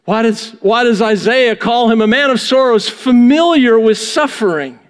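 A man with a high voice delivers a sermon from the pulpit, driving his message home with rhetorical questions. His words ring out with a long reverb across the church hall. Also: lively intonation, moderate pace, smooth. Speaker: pastor. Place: church sanctuary.

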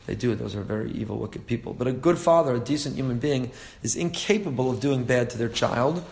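Reading passages and translating them, this Torah teacher explains them earnestly, frequently repeating phrases and laughing softly at his own anecdotes. His mid-range voice is gravelly and darkish, delivered fairly quickly. He's somewhere between young adult and middle-aged, with a four-year-old child.

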